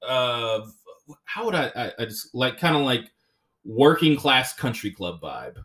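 Animated, bright-voiced man telling stories. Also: medium pitch, a little slow. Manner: animated storytelling, swears often, jumps into voices. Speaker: podcast host and comedian. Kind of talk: casual chat.

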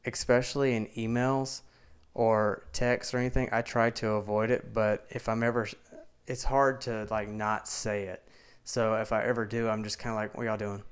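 A man's voice: lowish voice, little pitch movement, moderate pace, clean tone. A man in his twenties from Mississippi with a Southern accent, chatting bluntly and casually as a podcast co-host. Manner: laid-back, blunt, swears freely.

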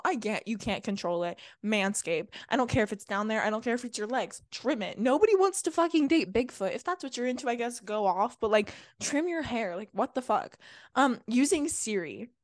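A woman's voice: a little high, expressive, fairly quick, no echo. Young woman, podcast co-host, blunt profane rant, dry close sound. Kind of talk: casual chat.

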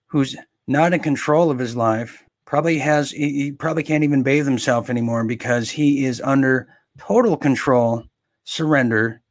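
Sarcastic American man mocking the news. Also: medium pitch. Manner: sarcastic, mocking, halting with fillers. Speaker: commentator. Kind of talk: satirical news commentary.

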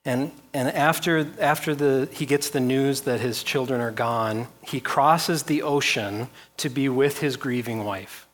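A man's voice: medium pitch, unhurried, hardly any pauses. A man preaching a sermon as pastor, reading scripture aloud with rising intensity and repeating phrases.

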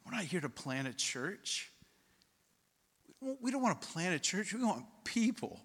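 A man's voice: sits high, very animated, measured pace, fairly bright tone. A middle-aged man preaching a sermon, telling a personal story and then building to emphatic repeated points. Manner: storytelling, rising to emphatic repetition. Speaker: pastor. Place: church hall. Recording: long hall reverb.

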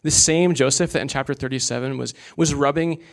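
A man's voice: mid-range voice, fairly quick, creaky. A young man preaching a sermon in an earnest, candid way, with casual asides.

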